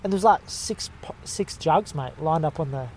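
A young Australian man, originally from the west, spins a rambling anecdote in casual chat. His voice sits a little high, and he strings it along with slang, 'mate' and plenty of fillers. It sounds like a chat in a car. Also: normal speed, darkish tone, slight background noise. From Western Australia. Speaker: storyteller.

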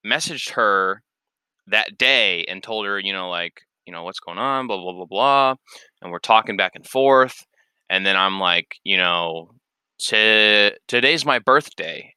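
A young man telling a personal story in a casual, rambling, candid way, swearing freely and filling pauses with "like" and "you know". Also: fairly low pitch, bright, forceful tone, smooth, dry recording. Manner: rambling, candid, profane, many fillers.

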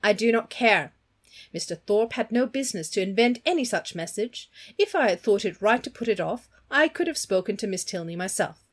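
A woman's voice: mid-range voice, lively intonation, fairly quick, lightly acted. A woman reading aloud voices a principled young woman who speaks in an earnest, firm way. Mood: determined.

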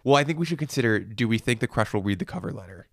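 A young man giving advice in a casual chat, measured with dry humor. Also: mid-range voice, lively intonation, no echo. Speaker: guest, former consultant.

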